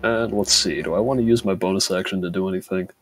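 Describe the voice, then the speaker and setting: A man's voice: deep voice, steady tone, fast talker. A man playing a tabletop game, thinking aloud about his moves and asking to sort out who is where. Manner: thinks aloud, asks questions to sort out positions. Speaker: player.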